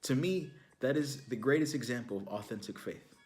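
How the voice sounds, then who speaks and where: A young ministry speaker from Houston, Texas, USA, shares an inspirational testimony in a mid-range, slightly mellow voice at normal speed. He tells his story casually with fillers like "you know, like," over soft background music.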